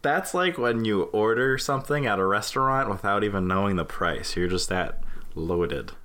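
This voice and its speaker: A young man co-hosting a podcast, cracking quick jokes and playful asides in casual chat. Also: fairly low pitch, animated, bright, forceful tone. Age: young adult. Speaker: podcast co-host.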